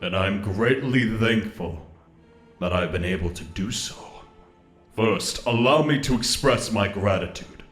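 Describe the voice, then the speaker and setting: A deep, slow solemn archangel. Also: male voice, a bit bright, echoey room. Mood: solemn gracious. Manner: formal, reverent, archaic phrasing. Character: solemn, courteous male archangel. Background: faint game music.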